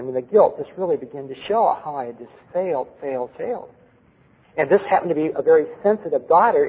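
A man's voice: fairly high pitch, slightly rough. A middle-aged man preaching a sermon, earnest, asking the audience rhetorical questions. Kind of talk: sermon with personal story. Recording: tinny lo-fi recording with long hall reverb.

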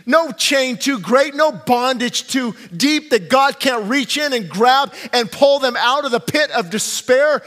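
A male pastor preaching a sermon, swinging between hushed pleading and fervent shouting and repeating phrases for emphasis. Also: very high voice, lively intonation, measured pace, few pauses, in a large hall. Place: church sanctuary.

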